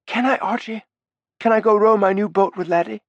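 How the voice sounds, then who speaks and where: A man's voice: high voice, a little fast, no room sound, muffled recording, pitched above the performer's own voice. A man voicing an eager young boy who pleads and asks questions.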